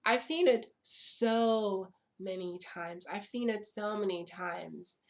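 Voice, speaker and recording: A woman's voice: mid-range voice, takes it slowly. A young woman vlogging straight to camera, emphatic and blunt, repeating her lines for effect. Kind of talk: impassioned direct-to-camera commentary.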